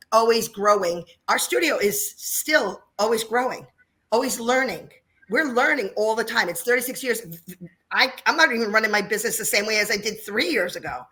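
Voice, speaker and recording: A woman in her fifties from New Jersey who owns a dance studio chats through a casual interview, telling stories and laughing often. Her voice sits in the mid-range with a slightly bright quality.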